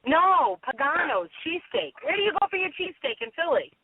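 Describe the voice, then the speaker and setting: A woman guest, a singer and actress, chatting in an animated, teasing, exclamatory way over the phone. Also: sits high, fairly quick, no echo. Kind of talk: casual chat. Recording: tinny phone line.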